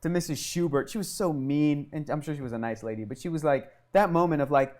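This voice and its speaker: A man telling a long childhood story as an interview guest, animated and swearing often, acting out what people said. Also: fairly high pitch, fast talker. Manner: animated and profane, acting out quotes.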